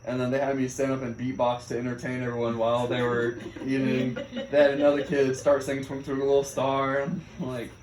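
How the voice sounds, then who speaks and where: A young man, a Navy sailor, casually telling a story about his deployment, laughing often and acting out the things people shouted at him. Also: mid-range voice, brisk, few pauses, slight background noise. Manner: animated, laughs often, acts out quoted shouts. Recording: echoey room.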